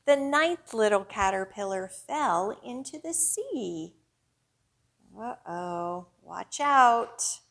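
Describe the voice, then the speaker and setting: Slow, sing-song woman reading to kids. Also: medium pitch, lively intonation, fairly bright tone. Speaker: children's librarian. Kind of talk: children's storytime reading.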